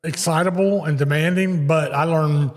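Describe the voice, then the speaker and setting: A man's voice: fairly high pitch, fairly even intonation, normal speed. A man hosting a live fishing show, a former captain telling stories in casual chat. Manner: conversational, storytelling. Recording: long reverb of a large live venue.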